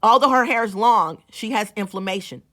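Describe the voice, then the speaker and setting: A woman's voice: medium pitch, a little fast, bright, forceful tone. A woman, a small-business owner, telling a story to her viewers in a casual vlog. She is chatty, restarts her sentences and talks straight to the audience.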